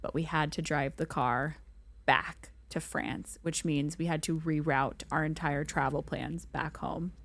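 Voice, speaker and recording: A young woman co-hosting a podcast, telling a travel story in a casual, animated way and acting out the voices in it. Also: low-pitched, a little slow. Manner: animated, acts out quoted voices, many "like"s. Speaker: podcast co-host.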